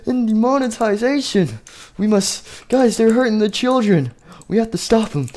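An improvised let's-play role-play narration in an unhurried, drawling delivery. The speaker strings lines together with endless fillers, puffing sound effects and hummed music cues. Shouted high character lines alternate with low, mumbled asides. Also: animated. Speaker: gameplay narrator voicing animatronic characters.

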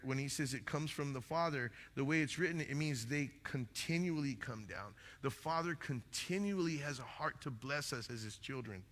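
Earnest pastor preaching in an echoing church. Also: male voice, fairly high pitch, sharp tone. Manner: earnest, repeats phrases, says "man" often. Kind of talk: sermon. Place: church hall. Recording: long church reverb.

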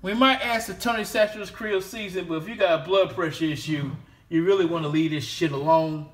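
A man's voice: sits high, a little fast. A man in a casual cooking vlog, cursing freely and rambling while he talks to a toy. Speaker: home cook vlogger.

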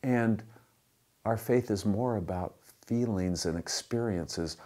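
Low-voiced man preaching conversationally. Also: slow pace, warm tone. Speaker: pastor. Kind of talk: sermon.

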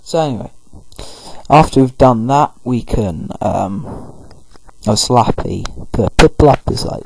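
A man commentating casually over a game, paraphrasing characters in quick throwaway voices. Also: lowish voice, animated, vocal fry, breathy edge, rough recording. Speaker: gameplay commentator. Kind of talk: casual let's-play commentary.

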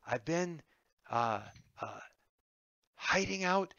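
A man voicing a harried, bloodied male survivor who speaks in a nervous, hoarse whisper. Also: on the high side, animated, extremely slow, no room sound, dull audio, voice pushed up, exaggerated voice. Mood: whispered pleading. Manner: nervous, hushed, pleading.

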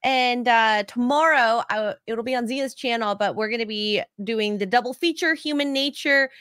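A woman's voice: on the high side, moderate pace, fairly bright tone, clean tone, dry recording, clean studio sound. A woman producer chatting casually and upbeat on a live stream. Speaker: show producer.

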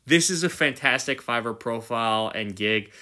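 A man's voice: medium pitch, expressive, normal speed, pushed and bright. A male host giving casual, enthusiastic commentary while reviewing. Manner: enthusiastic, chatty, reads text aloud.

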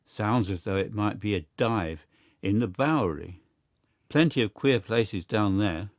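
A man voicing a gruff male park policeman who talks bluntly. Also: lowish voice, lively intonation, measured pace, dry recording, studio quality.

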